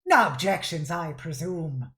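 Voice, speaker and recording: A woman's voice: sits low, animated, a little slow, fairly bright tone. A woman playing a drawling, courtly pirate captain. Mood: sly. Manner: courtly, drawling, coldly polite. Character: smooth, menacing male pirate captain.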